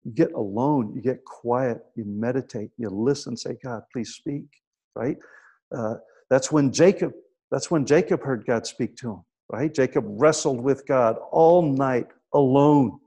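A man preaching a sermon, telling scripture stories in a conversational way with frequent "right?" asides, and dropping to a hushed voice for quiet moments. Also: mid-range voice, a little slow, husky.

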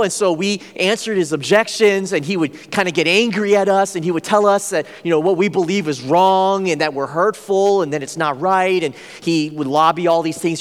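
A man's voice: a little high, a bit bright, long reverb tail. A man preaching a sermon, telling a personal story in an earnest way with frequent fillers.

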